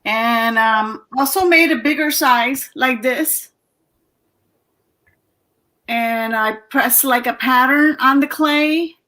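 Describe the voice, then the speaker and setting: Her voice is high, pushed, and bright, and she takes her time with long pauses. This guest artisan chats breathlessly over a video call, laughing softly as she casually shows her handmade clay work.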